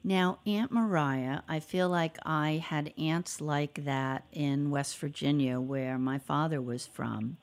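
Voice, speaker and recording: Woman interviewer, low-pitched, slow-paced, encouraging with steady affirmations. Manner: encouraging, frequent affirming murmurs. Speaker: podcast host, interviewer. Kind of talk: casual interview conversation.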